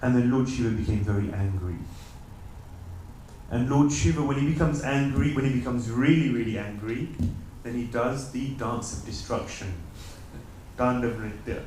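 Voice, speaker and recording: Male temple lecturer, animated storyteller, recorded from afar in a very reverberant hall. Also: medium pitch, normal speed, slight background noise. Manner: animated storyteller, acts out voices of characters. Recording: very echoey hall, mic at a distance.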